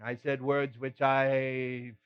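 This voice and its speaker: A man's voice: medium pitch, little pitch movement, takes it slowly, clean tone, muffled recording, close to an everyday voice. A man playing the apostle Peter, a middle-aged fisherman, telling his story in a folksy first-person monologue with frequent chuckles. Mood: animated.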